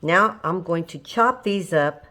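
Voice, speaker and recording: A woman with a somewhat low voice talks her viewers through a recipe in her home kitchen. She is chatty and down to earth and quick to laugh at her own mishaps. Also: pushed and bright. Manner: chatty, homey, laughs at herself. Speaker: home cooking channel host. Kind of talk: casual cooking demonstration.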